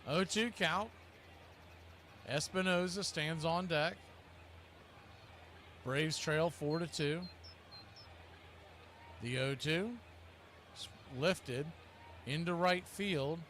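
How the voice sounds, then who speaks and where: A man's voice: drawn-out words, long pauses, a bit bright, a little hiss or hum. A man calling live baseball play-by-play with a wry, chatty manner, often correcting himself. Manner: wry, self-correcting, chatty between pitches. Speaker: play-by-play announcer.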